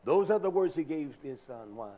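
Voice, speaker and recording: Pressing every point on his congregation, a preacher delivers a Sabbath sermon in a notably high but dark-toned voice, speaking fairly quickly with big pitch swings. His fervent emphasis is interrupted by hesitant filler sounds.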